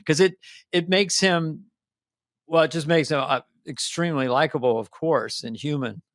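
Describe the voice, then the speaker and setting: A man in his sixties co-hosting a podcast in casual chat, animated and fond of breaking into accents. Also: a little high, moderate pace, no echo, studio quality. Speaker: podcast co-host.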